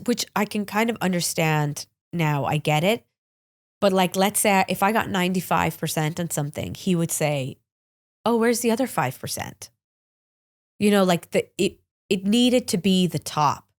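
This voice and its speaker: A woman hosting a podcast, candidly telling personal stories in a chatty, open way, sounding a little congested and sniffly. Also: fairly low pitch. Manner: chatty, open, with frequent "like" and restarts. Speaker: podcast host.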